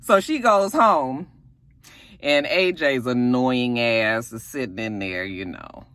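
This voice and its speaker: Woman, casual show recap, lively sassy delivery, dry close sound. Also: very deep voice, slow, no room sound. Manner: animated, sassy storytelling with acted-out quotes.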